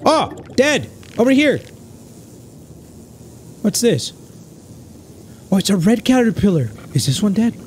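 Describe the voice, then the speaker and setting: Excitable, crude, joking male gamer. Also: fairly high pitch, slight background noise. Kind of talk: let's play commentary.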